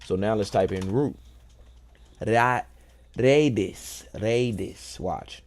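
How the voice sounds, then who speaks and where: A man hosting a casual show, thinking aloud in a relaxed, playful way and enjoying wordplay. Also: on the low side, drawn-out words. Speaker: host. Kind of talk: casual musing talk.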